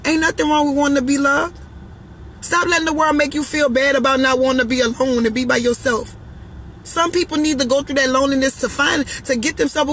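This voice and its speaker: A woman's voice: high-pitched, fairly bright tone, a little hiss or hum, rough recording. A woman speaking her mind in a casual monologue, blunt and sassy, hammering her points by repeating them. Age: adult, parent of children. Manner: emphatic, preachy, repeating lines for effect. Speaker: vlogger giving relationship opinions.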